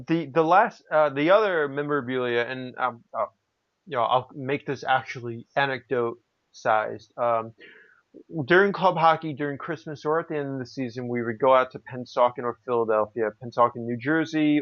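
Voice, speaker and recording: A man co-hosting a podcast, telling anecdotes in casual chat with many restarts. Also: medium pitch. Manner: rambling, frequent restarts and fillers. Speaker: podcast co-host. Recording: slightly dull lo-fi audio.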